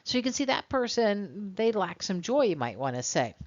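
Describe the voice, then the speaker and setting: A woman's voice: medium pitch, big pitch swings, normal speed. A woman instructor giving a recorded college lecture in a conversational way and acting out exchanges with students. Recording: dull lo-fi recording.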